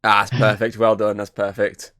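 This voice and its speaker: A man's voice: on the low side, completely flat delivery, moderate pace, fairly bright tone, dry recording, studio quality. A man hosting a podcast, telling rambling stories in casual chat and swearing freely. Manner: rambling, sweary, repeats "obviously". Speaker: podcast host.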